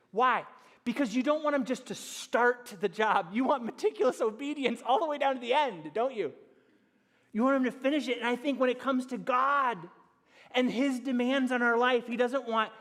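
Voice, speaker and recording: A man preaching a sermon as pastor, animated and storytelling, acting out little scenes and dropping to a hush on key points. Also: high-pitched. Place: church sanctuary. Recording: church hall reverb.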